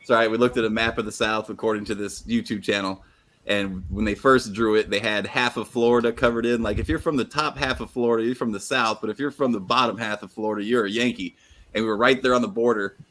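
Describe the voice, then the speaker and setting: A man's voice: on the low side, fairly even intonation, quick pace, fairly bright tone. A man co-hosting a live stream in casual banter, brash and joking, swearing freely. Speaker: co-host of a wrestling watch-along stream.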